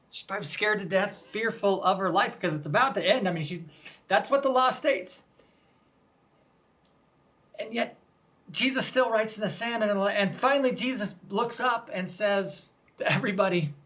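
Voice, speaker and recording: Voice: medium pitch, expressive, moderate pace, fairly bright tone. Pastor, conversational sermon, vivid storytelling, invites listeners to picture the scene.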